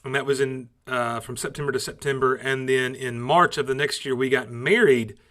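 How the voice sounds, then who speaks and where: A man's voice: medium pitch, fairly even intonation, normal speed, fairly bright tone. A middle-aged man with a Southern accent, co-hosting a casual chat and telling stories with a teasing, joking manner. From Southern United States. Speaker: co-host.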